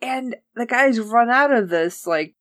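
A woman co-hosting a casual chat, recapping an episode and acting out the characters' lines with lively reactions. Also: fairly high pitch, measured pace, no echo, studio quality. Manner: animated, acts out characters' lines. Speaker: podcast co-host recapping a TV episode.

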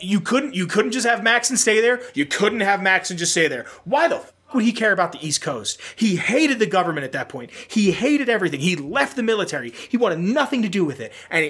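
Pennsylvania guy on a gaming podcast, bright husky voice, gets all worked up and swears a lot. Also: sits high. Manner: animated, rants with rapid questions and swearing. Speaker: podcast co-host. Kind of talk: casual gaming podcast chat.

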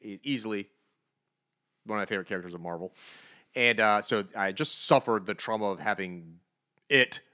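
A man co-hosting a comic book review podcast, ranting with animated, sarcastic energy. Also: on the low side, moderate pace, long pauses. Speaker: podcast co-host.

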